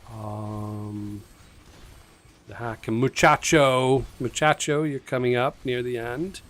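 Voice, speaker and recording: A man's voice: mid-range voice, fairly even intonation, takes it slowly, a bit bright. A man hosting a casual live stream, chatting loosely with viewers, full of fillers and asides. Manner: rambling, chatty, reading viewer names aloud, frequent fillers. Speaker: stream host.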